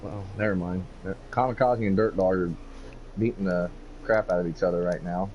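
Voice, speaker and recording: Male color commentator, laid-back and halting, muffled mic with slight hiss. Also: sits low, fairly even intonation, darkish tone. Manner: casual, hesitant, many fillers. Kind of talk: sim racing commentary. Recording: dull lo-fi mic with faint hiss.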